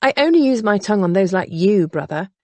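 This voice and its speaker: A woman's voice: mid-range voice, animated, brisk, darkish tone, no echo, natural voice. A woman voicing an outspoken, teasing younger sister in an audiobook. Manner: bold, needling.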